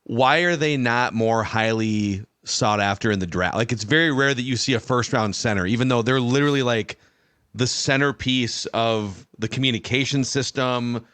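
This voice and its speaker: A man hosting a podcast asks his guests curious, relaxed questions. His voice sits at a middle pitch, and the sound is dry and close to the mic. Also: normal speed, clear, resonant tone, no room sound. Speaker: podcast host. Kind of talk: casual interviewing chat.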